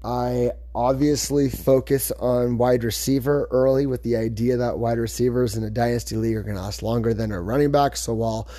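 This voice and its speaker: A man's voice: mid-range voice, steady tone, a little fast, hardly any pauses, dark tone, dry recording, clean studio sound. A man hosting a podcast, chatting casually in a rambling, self-correcting way. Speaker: podcast host. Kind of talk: casual chat about fantasy football.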